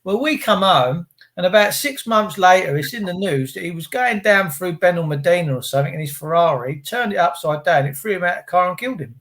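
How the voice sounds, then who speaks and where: A man spins a laddish, sweary story in relaxed chat. His voice sits a little high for a man. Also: a little fast, few pauses. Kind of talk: casual chat, telling anecdotes.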